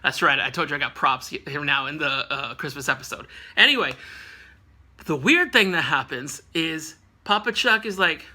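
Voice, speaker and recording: A man's voice: fairly high pitch, normal speed, sharp tone. A man casually recapping a comic issue with rambling, jokey asides. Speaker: comic book reviewer.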